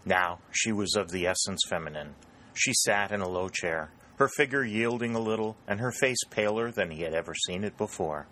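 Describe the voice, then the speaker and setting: A man narrating a novel as an audiobook reader, with a steady, even delivery. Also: on the low side, moderate pace, low-quality recording. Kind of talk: scripted narration.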